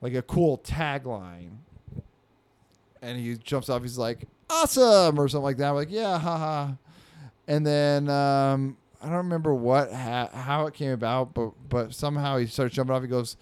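A man's voice: medium pitch, steady tone, brisk, few pauses, a little mellow, clean tone. A man telling a story in casual chat, rambling with lots of fillers. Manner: rambling, filler-heavy, acts out quotes in a raised voice.

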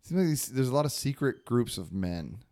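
A man co-hosting a relaxed podcast, with a mid-range voice of ordinary pitch. He slips in deadpan jokes and follows them with easy, low-key chatter. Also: fairly quick. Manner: dry, joking asides. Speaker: podcast co-host. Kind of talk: casual chat.

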